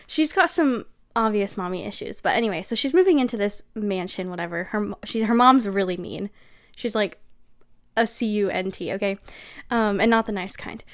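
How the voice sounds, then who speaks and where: A young woman giving a casual, sarcastic book recap, gossipy and full of asides like "okay?". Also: medium pitch. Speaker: book reviewer.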